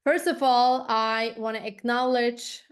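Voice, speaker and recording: A woman hosts a podcast interview in an earnest, emphatic way. She leans on her words and speaks from the heart. Her voice sits somewhat high. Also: fairly even intonation, a little slow, clean tone. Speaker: podcast host.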